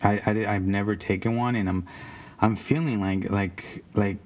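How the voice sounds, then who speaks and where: A man's voice: lowish voice, steady tone, moderate pace, darkish tone. A man casually telling a rambling, profane story about his days as a car salesman. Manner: rambling, profane, with frequent restarts.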